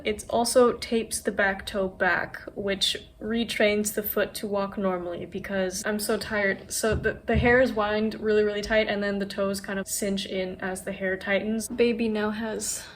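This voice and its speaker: Sitting on the floor at home, a young woman vlogger speaks candidly and emotionally to her camera, swearing freely. Her voice is medium-pitched, with slight background noise.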